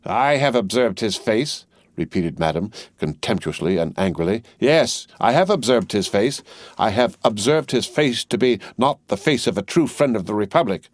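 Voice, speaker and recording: A man's voice: deep voice, fairly even intonation, darkish tone, dry recording, close to an everyday voice. A man voicing a stern, cold revolutionary woman. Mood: contemptuous. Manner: stern, cold, repeats herself slowly. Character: defiant woman revolutionary wine-shop keeper.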